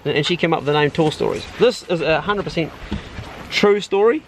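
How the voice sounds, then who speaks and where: Laid-back New Zealand man, slightly high voice. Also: expressive, fairly quick, slight background noise. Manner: laid-back, rambling, talks to his dogs. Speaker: vlogger storyteller. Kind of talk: casual outdoor vlog chat. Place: outdoors on a hot day with dogs.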